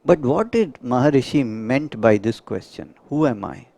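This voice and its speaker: A middle-aged man, a homeopath giving a spiritual lecture to a live group, earnest and measured, often putting rhetorical questions to his listeners. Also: medium pitch, lively intonation, creaky, warm tone, no room sound.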